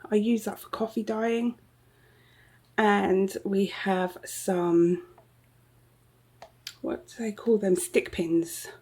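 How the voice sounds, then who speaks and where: A woman's voice: mid-range voice, a little mellow, breathy edge. A woman chatting casually through a tour of her home craft room, rambling with lots of ums and little laughs. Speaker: craft vlogger. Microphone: handheld camera.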